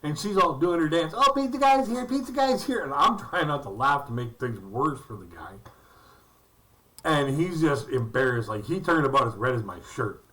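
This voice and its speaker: A man's voice: mid-range voice, big pitch swings, normal speed, pushed and bright, recorded from a distance, poor audio. A man doing stand-up comedy, telling rambling, folksy anecdotes about his jobs and acting out the quotes. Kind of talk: storytelling stand-up routine.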